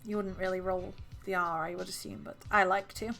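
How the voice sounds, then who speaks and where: A woman's voice: medium pitch, little pitch movement, brisk, vocal fry, pushed and bright, faint music behind. A woman chatting casually and laughing often while crocheting on a live stream.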